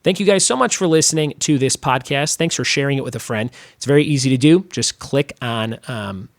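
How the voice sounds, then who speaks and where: A man's voice: medium pitch, a little fast, no room sound, clean studio sound. A podcast host, a man, chatting upbeat through his show's closing plugs and thanks. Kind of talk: podcast outro and promotion.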